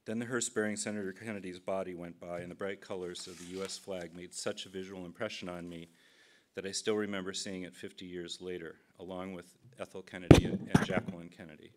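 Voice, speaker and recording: Low-voiced man telling dry stories. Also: flat delivery, a little fast, very noisy. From Minnesota. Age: 50s. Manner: dry storytelling with self-deprecating asides. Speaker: political cartoonist giving a keynote speech. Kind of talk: humorous keynote speech.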